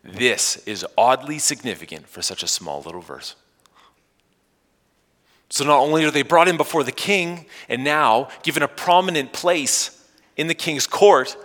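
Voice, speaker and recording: Animated male pastor preaching in a hall. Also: medium pitch, a little slow. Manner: animated, rising emphasis and playful asides to the congregation. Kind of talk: sermon.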